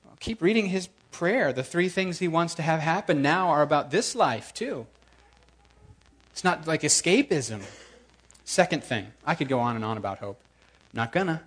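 High-voiced, emphatic male preacher. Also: moderate pace. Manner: lively, emphatic, repeats words for effect. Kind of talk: sermon.

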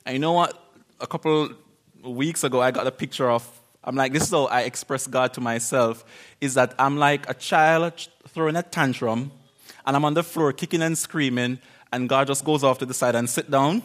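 A preacher delivers an informal sermon in a conversational, animated style, acting out little quoted exchanges and laughing often. His mid-range voice moves at a moderate pace.

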